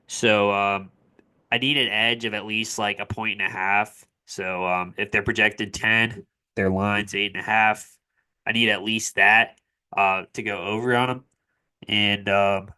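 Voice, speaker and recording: Young male creator, congested and nasal, smooth low voice, relaxed rambling delivery. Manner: loose, filler-heavy, with many "uh" and "like". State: congested from a cold. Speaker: sports betting creator. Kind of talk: casual screen-share walkthrough.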